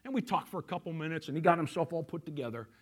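A male pastor preaching a sermon, telling a story and swinging from loud emphasis to hushed quiet. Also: a little high, animated, racing.

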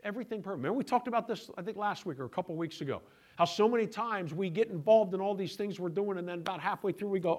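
A middle-aged male pastor preaching a sermon in a conversational way, moving between quiet asides and raised, emphatic points. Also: sits high, fast.

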